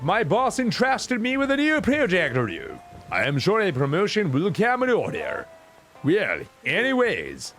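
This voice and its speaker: A man's voice: high voice, a bit bright, pitched above the performer's own voice, exaggerated voice. A man voicing an eager young male reporter in a game, speaking in an overly polite, formal way.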